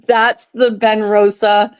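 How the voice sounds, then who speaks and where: A woman chatting casually on a live stream from her kitchen table, excitable and swearing, often gasping and laughing. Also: mid-range voice, clean tone.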